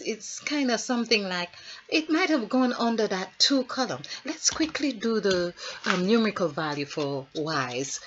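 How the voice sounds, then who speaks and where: A woman's voice: on the low side, slight background noise. A woman who works as a healer, giving a spiritual numerology talk in a rambling, musing way with storytelling asides. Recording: dull lo-fi recording.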